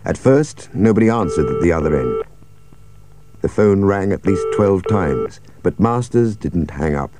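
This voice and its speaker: A man narrating a story with a measured, expressive reading. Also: low-pitched. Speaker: audiobook narrator.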